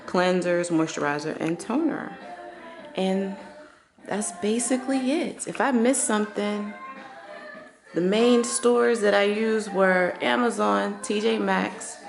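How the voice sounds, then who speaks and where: A woman, talking to viewers in a casual vlog, excited, heartfelt and chatty. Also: mid-range voice, takes it slowly, creaky. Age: 40s. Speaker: esthetician. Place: her empty new salon studio. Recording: echoey room with faint music.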